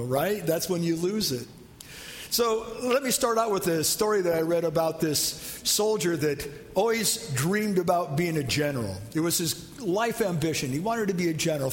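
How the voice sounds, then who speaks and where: Pastor, male, high voice, chatty sermon style, long hall reverb. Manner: conversational, asks the congregation questions.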